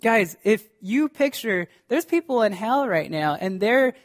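Fervent pastor with a raised voice. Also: male voice, high voice, lively intonation, measured pace. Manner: fervent, direct address to the congregation with frequent restarts. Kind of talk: sermon.

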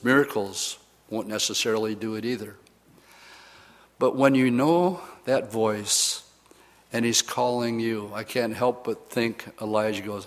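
A man preaching a sermon and acting out the lines of the people he quotes. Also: medium pitch. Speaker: pastor. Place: church. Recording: long reverb of a church hall.

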